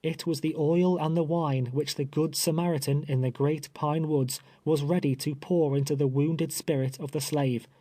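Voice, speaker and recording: A man reading an audiobook aloud in measured, grave first-person storytelling. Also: on the high side, steady tone, dark tone, no room sound. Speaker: audiobook narrator. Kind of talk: scripted first-person narration.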